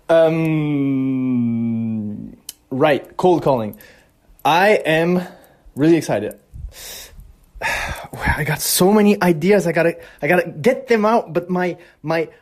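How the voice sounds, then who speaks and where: A young man talking casually in a vlog, excitable and rambling, swearing freely as he shares his work plans. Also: fairly high pitch. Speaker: vlogger.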